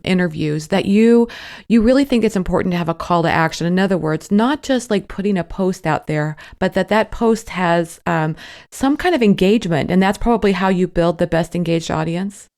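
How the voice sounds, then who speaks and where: Woman, podcast host, lowish pitch, conversational, restates guest's ideas. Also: a little mellow. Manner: conversational, rephrasing the guest's points. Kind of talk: podcast interview.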